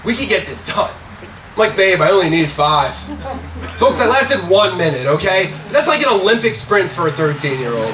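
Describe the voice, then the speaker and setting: Young male stand-up, deadpan with loud punchlines, roomy and noisy club sound. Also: sits high. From Scranton, Pennsylvania, USA. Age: young adult. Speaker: stand-up comedian. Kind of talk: stand-up comedy set. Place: comedy club stage before a live audience. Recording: roomy club audio from a distance with noise.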